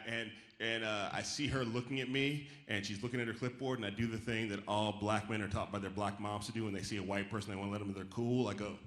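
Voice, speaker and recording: A man performing a stand-up comedy set on stage, animated and acting out the voices of the people in his stories. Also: medium pitch, echoey room. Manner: animated, acts out quoted voices. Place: theater stage before a live audience.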